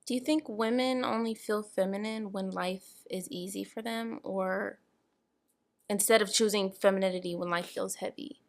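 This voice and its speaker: A woman on a podcast team, chiming in during casual chat with soft-spoken remarks. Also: medium pitch, fairly even intonation, normal speed, creaky.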